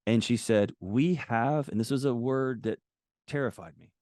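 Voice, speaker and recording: A man's voice: mid-range voice, normal speed, darkish tone, dry recording. Man telling stories candidly, acts out quotes, dry close mic. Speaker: guest author. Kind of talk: casual conversational storytelling.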